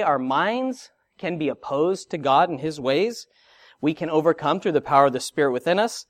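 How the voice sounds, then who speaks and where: Lively, expressive male preacher. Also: on the high side, no room sound, studio quality. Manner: expressive preaching with rhetorical questions and asides. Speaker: pastor. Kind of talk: sermon.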